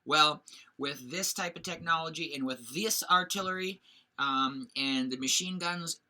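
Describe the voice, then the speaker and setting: A man's voice: on the high side, unhurried, bright, forceful tone. A male teacher giving a casual, rambling recorded history lecture over slides, full of fillers and restarts.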